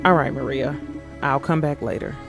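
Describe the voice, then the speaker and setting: A man reading the lines of a calm male detective who questions guests patiently. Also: medium pitch, normal speed, music in the background, natural voice. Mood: steady.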